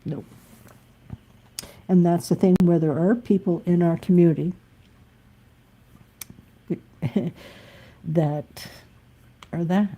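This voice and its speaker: Low, husky-voiced woman speaking bluntly. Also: fairly even intonation, slow pace, pauses often, highs cut off. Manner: blunt, emphatic, occasionally swearing. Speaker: musician live-streaming. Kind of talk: candid live-stream monologue.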